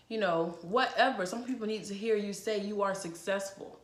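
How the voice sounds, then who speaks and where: A woman vlogger speaks straight to the camera in a loose, chatty way, blunt and unfiltered, swearing freely. Her voice sits at an ordinary middle pitch and carries a roomy echo from an indoor space. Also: moderate pace, hardly any pauses. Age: adult. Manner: blunt, frank and profane; chatty and emphatic. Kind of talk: casual advice vlog. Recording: echoey room.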